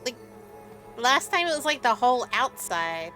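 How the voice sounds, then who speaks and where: A woman's voice: fairly high pitch, sing-song, normal speed, sharp tone, faint music behind. A woman streamer chatting casually and swearing freely while she plays a game.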